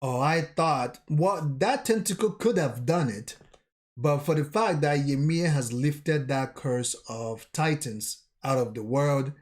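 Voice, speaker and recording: A man vlogger recapping a manga chapter in a casual way, telling the scenes with pauses and correcting himself as he goes. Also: on the high side. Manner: recounts scenes haltingly, with pauses and self-corrections.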